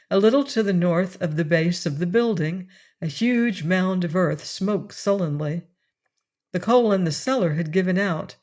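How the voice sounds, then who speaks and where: A woman narrating an audiobook in a measured, unhurried reading. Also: lowish voice, a little mellow. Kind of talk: scripted narration.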